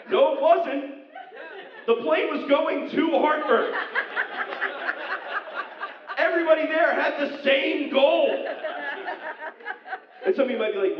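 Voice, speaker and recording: A man from central Pennsylvania doing a rambling, self-deprecating stand-up set on a casino club stage, slipping into silly high voices for bits. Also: very animated, measured pace, pauses often, crowd noise. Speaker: stand-up comedian. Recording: roomy, distant, dull club recording with audience. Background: audience laughter.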